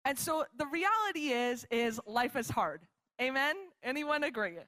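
A young woman missionary giving a sermon in a church, telling a story in a chatty, animated way and acting out the quotes. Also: high-pitched, measured pace. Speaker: missionary preacher. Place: church hall with live audience.

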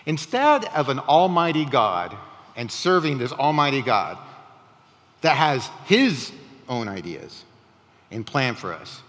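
A man preaching a sermon in a conversational, animated way, with rising emphatic questions. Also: medium pitch, slow, big-room sound. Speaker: pastor.

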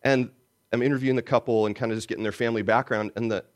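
Guy pastor preaching, tells a story, goes loud then real quiet. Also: mid-range voice, very fast. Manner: animated storyteller, swings from loud to hushed. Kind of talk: sermon with personal storytelling.

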